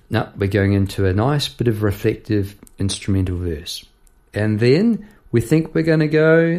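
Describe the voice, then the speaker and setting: A man's voice: mid-range voice, lively intonation, moderate pace, over music. A man hosting his own podcast, casually musing aloud about writing a song, asking himself questions and reading out his lyrics. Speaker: songwriter and podcast host. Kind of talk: casual solo podcast talk about songwriting.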